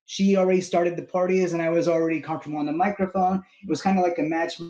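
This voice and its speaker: A man with a fairly high voice talks chattily and enthusiastically as a guest, full of fillers. He co-owns an entertainment business. The room around him is echoey. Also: flat delivery, quick pace, mellow, muffled recording. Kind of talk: casual interview talk.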